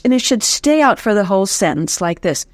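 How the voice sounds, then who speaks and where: Lively woman explaining voice technique. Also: medium pitch, fairly quick, no room sound, studio quality. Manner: demonstrative, lively, counts aloud in breath drills. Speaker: voice teacher. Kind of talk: explanatory teaching in an interview.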